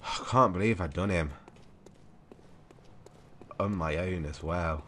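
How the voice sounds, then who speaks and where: Male let's-player, low voice, chatty, mild swearing, noisy recording. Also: slow pace, fairly bright tone. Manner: chatty, talks to himself while playing, mild swearing. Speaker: let's play gamer. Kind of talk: live gameplay commentary.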